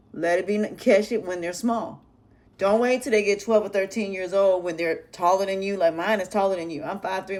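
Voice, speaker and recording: A woman's voice: fairly low pitch, darkish tone. A middle-aged woman, a parent and life coach, talking bluntly and emphatically straight to her viewers in casual advice talk.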